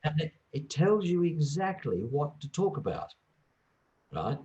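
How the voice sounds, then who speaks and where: A man who works as an English teacher and former examiner, talking through teaching advice in a relaxed interview and acting out little classroom exchanges. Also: fairly high pitch, a little slow, highs cut off, slight background noise. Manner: lively, acts out little classroom dialogues. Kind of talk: conversational interview.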